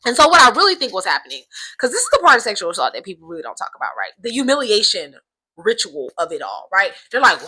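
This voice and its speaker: A woman's voice: mid-range voice, big pitch swings, fairly quick, bright, forceful tone, breathy edge, poor audio. A young adult woman giving casual commentary, outspoken and emphatic, often checking in with "right?". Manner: emphatic, keeps asking "right?"; outspoken, swears freely. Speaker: commentary vlogger.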